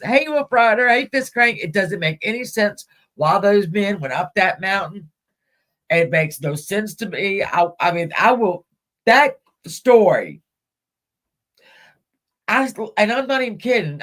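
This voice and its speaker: A man's voice: high-pitched, a bit bright. A man hosting a casual live stream, chatting and greeting viewers by name as he goes. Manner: chatty, greets viewers mid-sentence, laughs easily.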